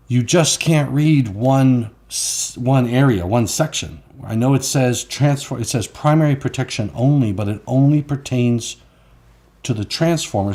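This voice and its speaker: Hosting a live-stream, a man with a medium-pitched, somewhat dark voice keeps the talk casual. His stories ramble along, punctuated by frequent laughter.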